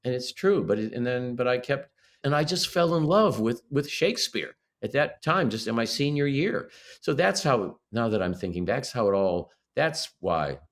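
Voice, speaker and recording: A man's voice: mid-range voice, animated, moderate pace. An older man from Illinois, a guest actor, telling stories in a casual interview with many restarts and self-corrections.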